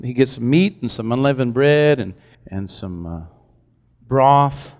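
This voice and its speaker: A man's voice: mid-range voice, moderate pace, a little mellow. A male pastor delivers a sermon, slipping into casual storytelling and putting questions to his congregation. His voice sits in a middle register, and a long reverb trails after him in the large church hall. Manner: preaching with call-and-response questions to the congregation; conversational storytelling. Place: church sanctuary.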